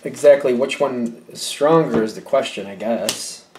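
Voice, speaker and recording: A man reads tarot cards in a loose, musing way. He thinks out loud, backtracks and corrects himself. His middle-pitched voice echoes in a roomy space. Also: a little slow, a little hiss or hum. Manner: musing, hesitant, self-correcting, with light laughs. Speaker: tarot reader. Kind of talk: casual tarot reading. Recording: echoey room.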